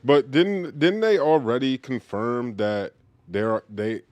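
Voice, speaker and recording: A man's voice: medium pitch, takes it slowly, darkish tone. A man co-hosting a casual chat, rambling with lots of fillers.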